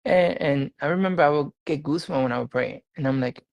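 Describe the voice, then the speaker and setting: A man telling a personal faith testimony in a casual interview, animated and laughing often, repeating his phrases. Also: a little high, fast talker, gravelly, dry recording, poor audio. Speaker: guest sharing a faith testimony.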